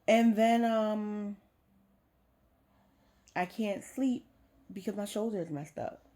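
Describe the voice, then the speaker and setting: A woman's voice: medium pitch, slow pace, mellow. A young adult woman vlogger frankly telling a personal story, emotional and swearing casually.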